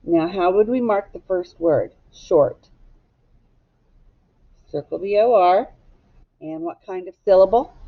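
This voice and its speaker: Slow, patient woman teaching phonics. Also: fairly low pitch. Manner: slow, patient, asks pupils to echo words. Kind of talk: recorded phonics lesson for young students. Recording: slightly dull, lo-fi recording.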